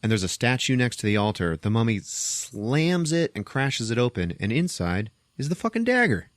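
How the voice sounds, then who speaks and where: A man hosting a podcast, casually retelling a film's plot as an animated, profane storyteller. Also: medium pitch, moderate pace, no echo, clean studio sound. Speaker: podcast host. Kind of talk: casual movie recap.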